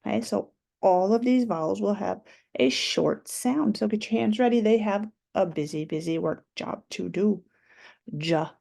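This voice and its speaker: A woman's voice: medium pitch, moderate pace, vocal fry, dark tone. A woman teaching a phonics lesson to young children, patiently stretching out letter sounds and syllables.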